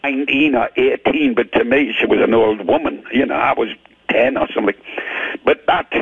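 Gravelly Geordie man on a phone line. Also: mid-range voice, moderate pace, no room sound. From Newcastle, England. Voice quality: gravelly, husky. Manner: animated, rambling anecdotes with stammers and self-deprecating laughs. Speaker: guest rock singer. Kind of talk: casual interview storytelling.

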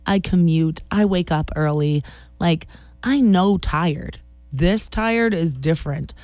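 A woman's voice: on the low side, expressive, slow, a little mellow, no echo. A woman in her thirties, a radio DJ, chatting casually on air, tired and a bit short of breath, rambling with fillers.

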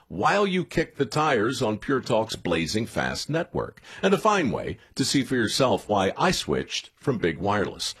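A man with a husky, fairly low voice delivers a scripted radio spot. His read is wry and folksy, with a very lively, swooping pitch. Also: unhurried, hardly any pauses. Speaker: ad spokesman.

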